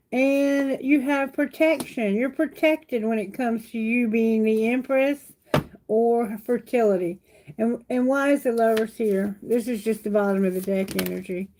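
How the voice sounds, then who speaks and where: Woman, tarot reader, live reading, slow unhurried delivery, higher voice, soothing, repeats reassurances. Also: darkish tone, slight background noise, low-quality recording.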